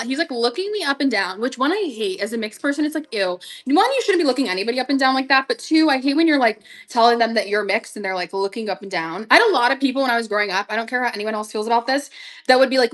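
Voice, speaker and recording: Young woman live-seller, chatty and gushing, a little high-pitched, casual stream host. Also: lively intonation, quick pace, a bit bright, rough recording. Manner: chatty, gushing, talks straight to viewers. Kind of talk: casual live-selling chat.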